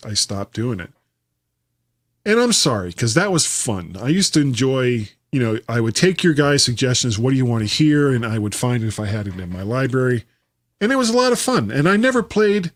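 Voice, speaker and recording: A man from Florida hosting a casual podcast, telling rambling stories. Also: medium pitch. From Florida, USA. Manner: animated, rambling storyteller. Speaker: podcast host.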